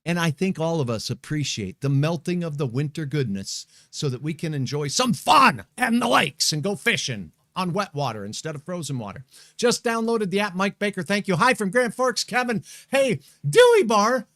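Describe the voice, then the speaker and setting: A middle-aged man from Montana hosting a weather show, chatting in a folksy, excitable way and giving shout-outs to viewers. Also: on the high side, normal speed. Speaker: weather show host, meteorologist. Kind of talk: casual live-stream chat.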